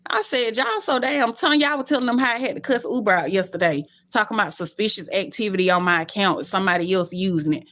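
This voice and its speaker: A young adult woman live-streaming to her viewers, telling stories animatedly, cussing bluntly and jumping in pitch. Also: fast talker, few pauses, a bit bright.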